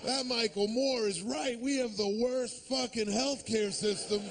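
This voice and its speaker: A male stand-up comedian, in his thirties, doing a profane, sardonic set on a club stage, jumping into quick character voices. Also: very high-pitched, steady tone, creaky, noisy background.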